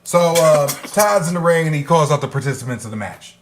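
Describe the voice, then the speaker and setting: Animated, swearing man in an echoey room. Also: fairly high pitch, brisk, slight background noise. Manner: animated, swears freely, laughs while recapping. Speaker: podcast co-host reviewing old wrestling. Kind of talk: casual profane chat.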